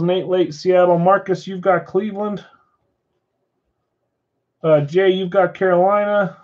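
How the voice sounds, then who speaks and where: A man's voice: high voice, a little mellow, muffled recording. A man at a card shop running a live card break, steadily rattling off names and teams.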